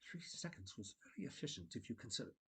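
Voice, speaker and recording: A man's voice: mid-range voice, very animated, fast talker, fairly bright tone, husky, voice pushed up, exaggerated voice, rough recording. A man voicing a formal, literal-minded ship computer that speaks in precise, stiff wording.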